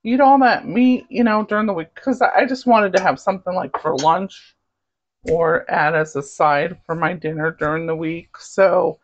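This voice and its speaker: A woman's voice: lowish voice, moderate pace, muffled recording. A woman with a light Southern US accent, chatting casually as a cooking vlogger, rambling and savoring food aloud.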